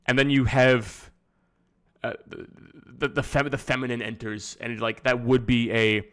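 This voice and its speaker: Rambling Nova Scotian streamer, casual. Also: male voice, medium pitch, flat delivery, a little slow, a bit bright, clean tone. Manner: rambling, swears casually, lots of fillers. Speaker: streamer reacting to videos. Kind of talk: casual live-stream chat.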